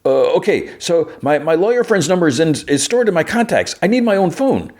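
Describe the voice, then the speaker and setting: A man doing a high, strained voice for a frantic arrested man who yells and demands his phone back. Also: very animated, a little fast. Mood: whiny pleading. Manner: shouting, demanding, high-strung.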